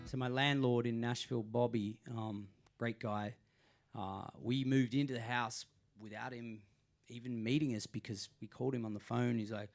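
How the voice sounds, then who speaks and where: Rambling musician telling a story. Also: male voice, medium pitch, steady tone, normal speed, creaky, faint music behind. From Australia. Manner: rambling, self-deprecating, many fillers. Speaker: singer-songwriter. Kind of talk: storytelling between songs at a live gig.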